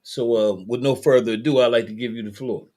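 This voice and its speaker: A man's voice: mid-range voice, steady tone, brisk, a little mellow. A man hosting a call-in talk show, speaking in a loose, friendly way with many fillers and restarts. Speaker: show host.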